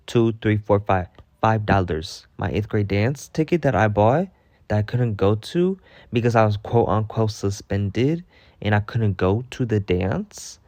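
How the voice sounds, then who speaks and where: A man's voice: lowish voice, no room sound. A man telling a storytime vlog, venting heatedly with lots of swearing. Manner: heated, profane, animated venting. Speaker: storytime vlogger. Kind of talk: ranting storytime monologue.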